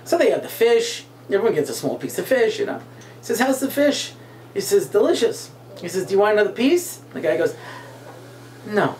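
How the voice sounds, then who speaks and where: A middle-aged man tells stories and jokes in an interview. His voice leaps up and down as he acts out the people in his tales. He speaks as a rabbi and a guest speaker. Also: fast. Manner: animated joke-telling, acts out characters with jumps in pitch. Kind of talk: storytelling interview chat.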